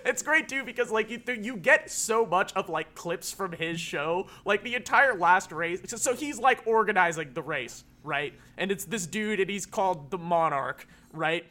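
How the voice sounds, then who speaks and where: A high-voiced man chatting on a podcast. He rambles and restarts, leaning heavily on filler words and swearing casually. His tone is bright and sharp. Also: expressive, normal speed, hardly any pauses. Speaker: podcast co-host. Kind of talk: casual chat.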